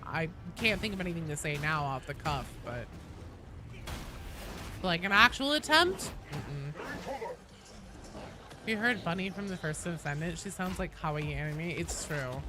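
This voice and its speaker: A young woman streaming a game, chatting casually, reading chat aloud, swearing and breaking into excited squeals. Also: low voice, a little slow, pauses often, over music. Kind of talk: casual gaming livestream chat.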